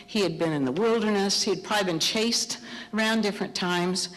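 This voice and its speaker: A middle-aged woman preaching a sermon, telling a story with animated, acted-out dialogue. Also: medium pitch, a little fast. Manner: animated storytelling, acting out dialogue in raised voices. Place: church sanctuary. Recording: long hall reverb.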